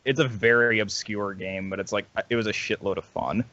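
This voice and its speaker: A man on a casual podcast call, describing things in a rambling, animated way. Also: lowish voice, brisk. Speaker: podcast guest. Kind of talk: casual group podcast chat. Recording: dry, dull lo-fi call audio.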